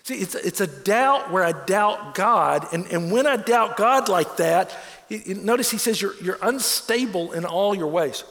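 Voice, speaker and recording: A man's voice: high voice, lively intonation, unhurried, fairly bright tone, big-room sound. A man preaching a sermon as a pastor, earnest, repeating words as he presses his points.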